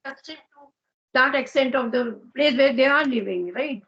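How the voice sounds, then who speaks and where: A woman's voice: high-pitched, moderate pace, fairly bright tone, husky, muffled recording. A woman with an Indian accent hosting a casual conversation over a video call, asking informal, curious questions. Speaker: host.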